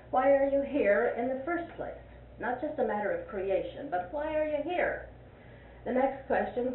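A woman's voice: on the high side, recorded from a distance. An older woman leads a church Bible class, asking question after question and repeating her points for emphasis. Her folksy voice rings through a roomy space. The recording is thin and phone-like, with a faint hiss underneath. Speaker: Sunday school teacher. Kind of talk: leading a Bible class discussion.

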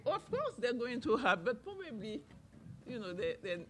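A woman from Haiti telling a folktale to an audience, animated, with repeated chanting phrases. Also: a little high, normal speed. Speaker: storyteller, author.

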